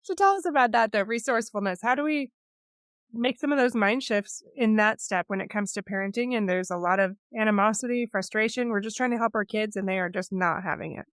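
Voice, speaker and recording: A woman's voice: mid-range voice, brisk, fairly bright tone, no echo, clean studio sound. A woman hosting a podcast, asking her guest questions in a friendly, inquisitive way. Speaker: podcast host. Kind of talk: conversational interview.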